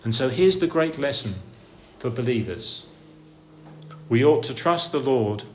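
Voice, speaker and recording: A preacher delivering a sermon, posing rhetorical questions and swinging from emphatic peaks down to low, quiet lines. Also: male voice, slight background noise.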